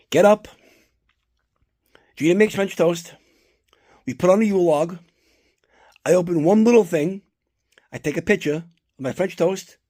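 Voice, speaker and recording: A man from New Jersey telling a long, rambling story about his holiday routine, swearing often and getting worked up. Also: fairly high pitch. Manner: rambling, profane, animated when annoyed. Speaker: collector vlogger. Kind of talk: casual chat, storytelling.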